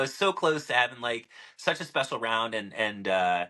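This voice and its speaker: Young male podcast co-host, bright tone, rambling, filler-heavy storyteller. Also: mid-range voice, animated, moderate pace, hardly any pauses. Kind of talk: casual chat.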